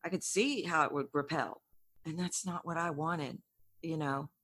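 Earnest woman coach, low-pitched and dry. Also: steady tone, moderate pace, fairly bright tone, no room sound. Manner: earnest, coaching, repeats words as she thinks. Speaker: voice and communication coach. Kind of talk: conversational interview.

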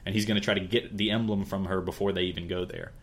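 Guy with a lowish voice recapping an anime plot on a podcast, jumps into character voices. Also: fast. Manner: animated storytelling, acts out character lines. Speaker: podcast co-host.

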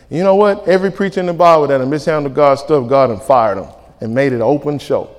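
A male pastor preaching a sermon, lively and colloquial, acting out back-and-forth dialogues. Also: mid-range voice, quick pace, hardly any pauses. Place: church sanctuary. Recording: reverberant church hall.

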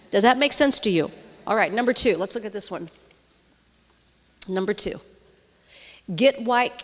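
A middle-aged woman preaching to a room of women in a conversational way. She often checks in with the audience and drops to a near-whisper when moved. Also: mid-range voice. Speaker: women's ministry speaker. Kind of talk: sermon. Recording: long reverb of a large hall.

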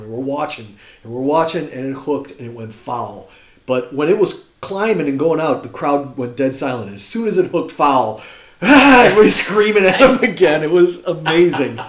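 Animated male storyteller, casual and laughing, in an echoey room. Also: medium pitch, moderate pace. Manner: animated, laughing anecdotes with many restarts. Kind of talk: casual baseball chat.

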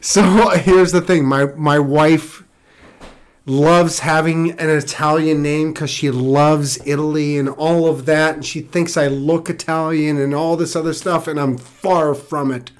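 A man's voice: on the high side, fairly even intonation, measured pace. A man co-hosting a casual podcast from home, joking and laughing often, tripping over his words. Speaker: podcast co-host. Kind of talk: casual banter. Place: dining room at home.

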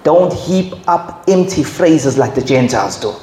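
Slow, emphatic preacher in an echoey hall. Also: male voice, expressive, mellow, slight background noise. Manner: slow, emphatic preaching with sudden high acted quotes. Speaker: pastor. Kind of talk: sermon. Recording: echoey hall, faint ambience.

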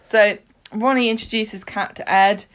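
A woman's voice: medium pitch, steady tone, measured pace. Chatty woman recapping a soap. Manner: chatty, acts out characters' lines in voices. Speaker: podcast co-host. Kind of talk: casual soap recap chat.

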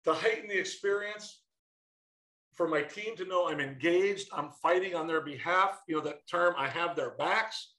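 Animated middle-aged man telling stories. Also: sits high, normal speed, reverberant, low-quality recording. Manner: animated storyteller, quotes his kids in lively bursts. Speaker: former baseball manager, guest. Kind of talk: storytelling in a casual interview.

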